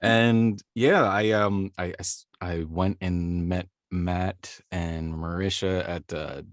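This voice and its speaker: A man's voice: low voice, fairly even intonation, takes it slowly, no echo, clean studio sound. A man, a voice actor, telling his story in a rambling, self-deprecating way during a casual interview, laughing easily. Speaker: voice actor guest.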